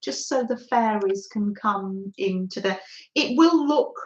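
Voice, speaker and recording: A woman's voice: mid-range voice, measured pace. A middle-aged woman hosting a live craft stream, chatting casually with viewers, greeting them by name and laughing often. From Britain. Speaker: craft livestream host. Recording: slightly dull, roomy livestream audio.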